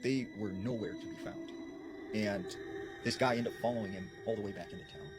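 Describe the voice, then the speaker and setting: Low-voiced man retelling an eerie encounter. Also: brisk. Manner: acts out quoted dialogue while retelling. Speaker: storyteller. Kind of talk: recounting a paranormal encounter. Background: background music.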